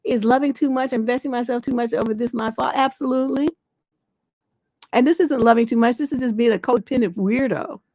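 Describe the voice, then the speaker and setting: This relationship coach and livestream host has a slightly high, slightly fast voice with a darkish tone and no echo. On her live advice show she tackles letters with blunt, profane scolding.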